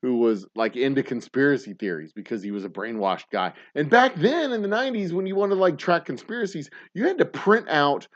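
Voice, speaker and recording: A man in his thirties hosting a casual show, ranting profanely, swinging from mumbled asides to loud outbursts. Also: fairly high pitch, lively intonation, a little fast, hardly any pauses, dull audio. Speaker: podcast host.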